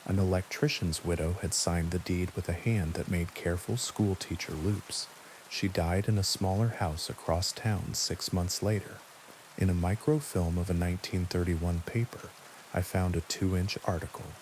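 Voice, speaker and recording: A man calmly narrating a first-person horror story in a measured, quiet way. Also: deep voice, a little hiss or hum, poor audio. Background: steady rain.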